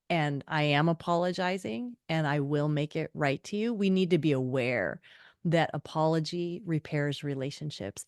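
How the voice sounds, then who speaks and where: A middle-aged woman author, a guest on an interview, telling stories expressively and acting out quotes with big jumps in pitch. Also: no room sound, clean studio sound. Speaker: author and podcast host, guest. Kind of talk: animated storytelling interview.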